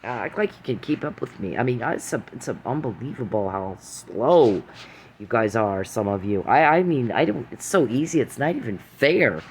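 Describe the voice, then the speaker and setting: A man vents at the camera in a long, rambling rant, swearing freely and hurling accusations. He repeats phrases and trips over false starts, his voice at an ordinary, middling pitch with a faint hum of room noise behind him. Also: animated, normal speed. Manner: profane, accusing, repeats phrases, stammering restarts. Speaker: vlogger.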